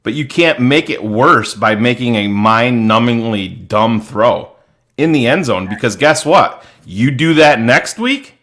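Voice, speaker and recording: A man's voice: mid-range voice, fairly bright tone. A man co-hosting a live post-game show, giving casual, reasoned analysis over a video call. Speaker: co-host.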